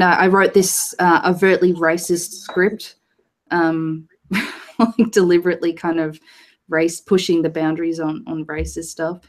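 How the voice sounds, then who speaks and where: A woman talks in a relaxed, chatty way on a live stream, dropping agreeing murmurs and the odd swear. Her voice is slightly low for a woman. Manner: chatty, backchannels often, swears casually. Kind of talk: casual chat.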